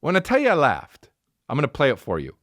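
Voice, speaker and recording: A man in his thirties hosts a casual comedy podcast, ranting and storytelling in a loose, profane way. His voice sits a little high and jumps around a lot as he gets worked up. The sound is dry and close, with no room echo. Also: fast talker. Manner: profane, animated storytelling with frequent restarts. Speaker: podcast host.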